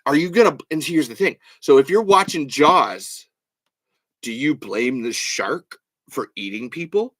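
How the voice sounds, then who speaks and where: A man hosting a solo podcast, talking fast and swearing as he rants about films while reading comments. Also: medium pitch, animated, dry recording. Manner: fast, profane, ranting with loud bursts. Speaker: podcast host.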